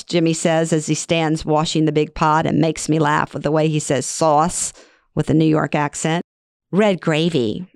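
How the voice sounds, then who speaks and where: A woman's voice: low voice, a little mellow, dry recording, clean studio sound. A woman hosting a podcast, telling her own family stories in a frank, wry way. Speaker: podcast host and storyteller. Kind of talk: first-person storytelling.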